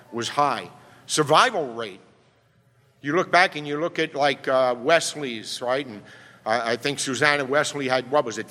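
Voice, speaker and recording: A man's voice: fairly high pitch, pushed and bright. A male pastor preaching a sermon emphatically, often checking in with "right?". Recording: long reverb from a hall.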